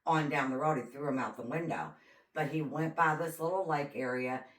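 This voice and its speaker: Very deep-voiced woman retelling a case. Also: normal speed. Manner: animated storyteller, acts out quotes. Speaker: podcast co-host. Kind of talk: casual chat retelling a true crime case. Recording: roomy echo, distant mic.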